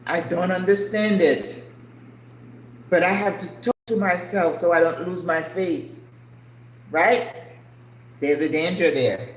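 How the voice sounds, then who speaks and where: Speaking slowly in a low-leaning voice, this older channel host chats casually while cooking in her home kitchen. She comes across as earnest and emotional, often posing rhetorical questions. The kitchen echoes, and a little ambient noise can be heard.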